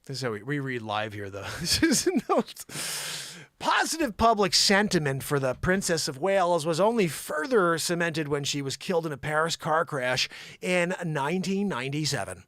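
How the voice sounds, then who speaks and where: A man's voice: sits high, sing-song, normal speed, bright, forceful tone, no echo, studio quality. A man hosting a live comedy news show, reading from a teleprompter and cracking asides to off-camera crew. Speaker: host.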